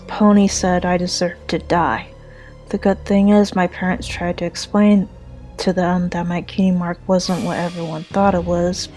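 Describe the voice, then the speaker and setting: A woman narrating a dark first-person pony story in an earnest, slightly halting reading. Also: fairly low pitch, rough recording.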